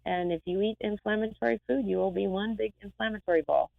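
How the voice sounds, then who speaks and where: A woman eye doctor talking as a guest in a lively, rambling, emphatic way. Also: mid-range voice, quick pace, gravelly, no room sound, narrow, tinny audio. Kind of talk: casual interview talk.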